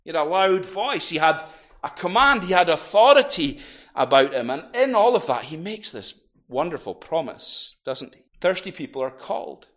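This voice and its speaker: Male minister, animated pulpit preaching, voice a touch high. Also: normal speed. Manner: animated preaching, rising to loud cries in quotes. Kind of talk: sermon. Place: church.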